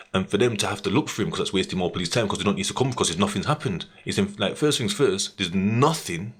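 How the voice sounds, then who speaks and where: A podcast host tells stories in casual conversation packed with street slang, delivering them with animation. His voice is lowish and slightly rough.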